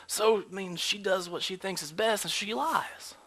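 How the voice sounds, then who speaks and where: High bright-voiced male pastor preaching. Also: normal speed. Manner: dramatic swings from loud emphasis to hushed whispers; acts out quoted lines in character voices. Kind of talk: sermon. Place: church sanctuary.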